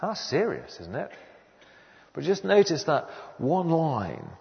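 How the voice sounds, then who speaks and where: A male preacher delivers a sermon with a lively, rising and falling voice, often putting questions to his listeners. His voice sounds somewhat muffled and carries a long echo, as if recorded in a large church hall. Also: fairly high pitch, takes it slowly, gravelly. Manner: animated, conversational, asks the audience questions.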